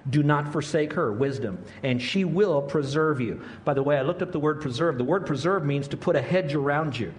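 Man in his sixties, pastor delivering a sermon, fairly high voice, lively storyteller who acts out quotes. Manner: animated storytelling, acting out quotes.

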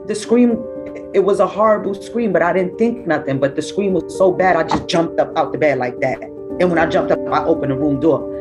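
Low-voiced middle-aged woman giving testimony. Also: a little fast, over music, rough recording. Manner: raw, emotional storytelling with animated quoted voices. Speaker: bereaved mother. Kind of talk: personal testimony.

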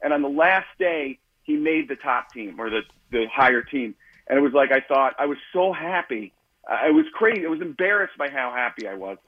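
A man's voice: mid-range voice, lively intonation, normal speed, phone-quality sound. A man from the Chicago area, an author and guest, telling candid, self-mocking stories in a radio interview and acting out the voices he quotes.

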